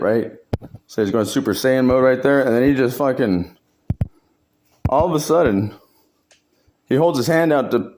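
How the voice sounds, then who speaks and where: A man's voice: medium pitch, a little mellow, a little hiss or hum. A man doing a casual comedic voiceover, laughing often and full of slang and swearing. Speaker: comedic narrator.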